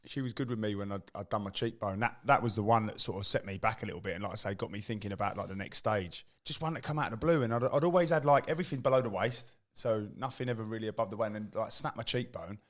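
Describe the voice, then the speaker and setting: A middle-aged English man, a former footballer, telling lively stories on a podcast and acting out the quotes. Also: on the low side, quick pace, few pauses. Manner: animated storyteller, acts out quotes. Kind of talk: casual chat.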